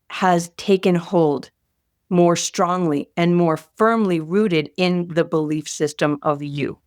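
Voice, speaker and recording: A middle-aged woman co-hosts a podcast in a casual, animated way, poking fun at herself. Her voice sits at an ordinary middle pitch. The sound is close and dry, with no room echo. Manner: animated, self-deprecating, playful. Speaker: podcast co-host. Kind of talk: casual chat.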